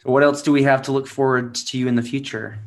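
A man's voice: medium pitch, level tone, fast. A man co-hosting a casual interview, asking the guest friendly questions. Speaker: co-host.

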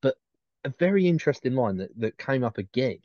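A man's voice: mid-range voice, very animated, fairly quick, a little mellow, dry recording, dull audio. A man co-hosting a podcast, rambling through casual chat with lots of restarts and fillers. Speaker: podcast co-host.

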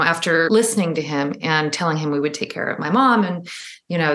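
A woman, guest and author, telling a personal story in a conversation, animated, often laughing and acting out the voices she quotes, in a room at home. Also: sits low, roomy sound. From Los Angeles area. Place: room in her father's house.

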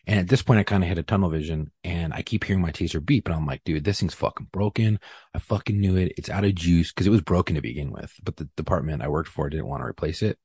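A man with a husky, somewhat low voice tells a police story in loose podcast chat. He swears a lot and acts out the quotes. The sound is dry and close. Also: fast, no echo. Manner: profane, animated, acts out quotes. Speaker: police officer telling a story.

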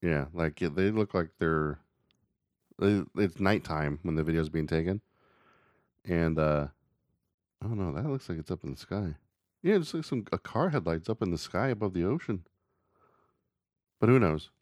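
Male podcast host, very low voice, rambling and jokey delivery. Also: normal speed, a little mellow, no room sound, studio quality. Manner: rambling, joking. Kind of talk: casual podcast chat.

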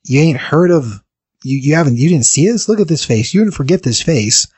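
A man voicing a brash, indignant male monster with a husky voice. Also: on the high side, expressive, brisk, darkish tone, dry recording, voice pushed up.

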